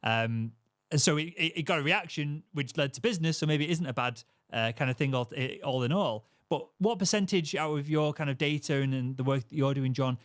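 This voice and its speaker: Man, podcast host, fast, rambling questions, dry sound. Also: fairly high pitch, dry recording. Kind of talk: podcast interview.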